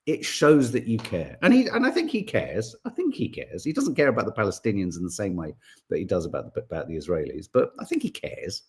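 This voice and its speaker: A man, hosting a podcast in casual chat and reading out viewer comments in a rambling, animated way. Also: fairly low pitch, fairly quick. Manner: rambling, animated, full of restarts and asides. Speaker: podcast host.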